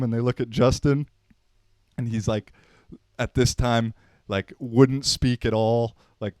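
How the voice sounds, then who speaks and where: A man's voice: mid-range voice, a little mellow, clean tone, no room sound, studio quality. A man in his thirties hosting a podcast, telling unscripted stories in a laid-back, slangy, rambling way. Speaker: podcast host. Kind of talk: unscripted casual storytelling.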